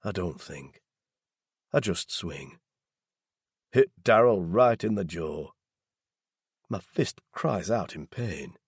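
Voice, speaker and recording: A man narrating a first-person audiobook with tense, low intensity. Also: husky, dry recording, clean studio sound.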